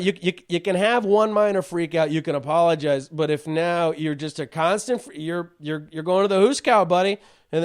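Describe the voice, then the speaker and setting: A man with a fairly high voice rants through a comedic podcast story, swearing freely and restarting his sentences as he goes. His tone is smooth and clear, and the delivery is loose and conversational. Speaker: podcast host. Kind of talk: profane comedic rant.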